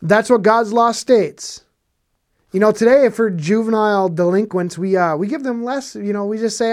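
Preaching on scripture at normal speed, a Bible teacher speaks in a mid-range, darkish voice. The style is emphatic and conversational, with rhetorical questions for listeners and repeated phrases that drive each point home.

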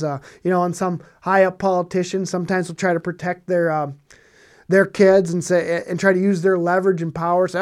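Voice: medium pitch, level tone, fairly quick. A Bible teacher preaching on scripture in a conversational way, stressing points by repeating phrases and asking rhetorical questions.

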